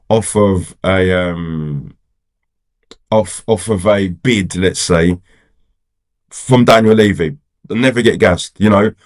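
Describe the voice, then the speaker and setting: Exasperated man ranting about football. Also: on the low side. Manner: rambling, exasperated, heavy on "you know" and "do you get what I'm saying". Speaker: football fan vlogger. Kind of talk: casual fan rant to camera.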